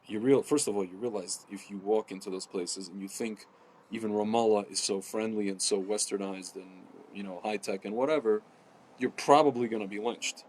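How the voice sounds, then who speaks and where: A man ranting casually to camera, rambling with many fillers and restarts, often addressing his audience as ladies and gentlemen. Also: on the low side, fairly even intonation, fairly quick, a little hiss or hum. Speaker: political commentator. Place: home in Jerusalem.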